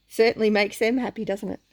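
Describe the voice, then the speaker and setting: A woman reading a picture book aloud to children in an animated way, often pausing to ask the listener questions. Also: medium pitch. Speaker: storyteller.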